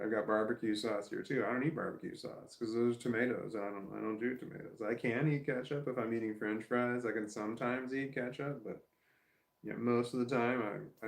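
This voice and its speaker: A man's voice: mid-range voice, creaky, echoey room. A man talking to his camera in a casual vlog monologue, rambling and repeating himself, swearing when annoyed. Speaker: vlogger. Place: at home.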